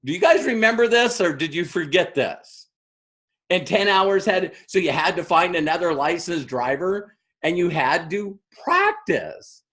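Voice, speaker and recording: Lively, animated man giving a training talk. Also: high voice, measured pace. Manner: animated, acts out other people's voices. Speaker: business trainer.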